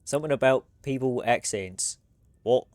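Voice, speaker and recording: A man's voice: mid-range voice, normal speed, dry recording. A man from the United States streaming a game with casual, rambling commentary and frequent swearing. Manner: chatty, rambling, swears freely.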